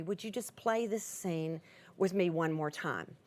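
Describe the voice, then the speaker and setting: A woman's voice: medium pitch, slow. A middle-aged woman teaching a Bible passage as a sermon, earnest and emphatic, calling out to her listeners for a response. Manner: earnest, emphatic, calls out to the audience.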